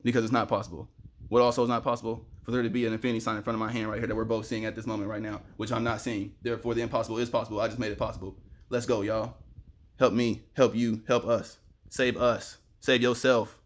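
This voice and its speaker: A young man in a fast, excitable, rambling spiritual monologue to camera, sweating in the heat and breaking into sudden loud outbursts. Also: fairly low pitch.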